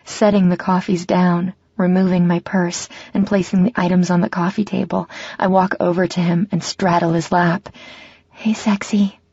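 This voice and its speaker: A woman's voice: on the low side, level tone, moderate pace, hardly any pauses, darkish tone, husky, no echo. A woman reading a romance audiobook in an intimate first-person style, slightly muffled and dry. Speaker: audiobook narrator. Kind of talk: scripted narration of a romance novel.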